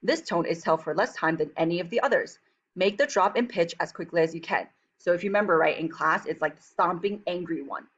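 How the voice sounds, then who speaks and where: A fast-talking woman teacher walks through a language textbook in a chatty way, slowing down for careful pronunciation demonstrations. Her voice sits a little low. The recording is dull and lo-fi. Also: husky.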